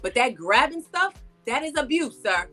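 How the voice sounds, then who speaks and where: A woman's voice: high voice, sing-song, moderate pace, over loud music. Firm woman lecturing a guest. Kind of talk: heated panel debate.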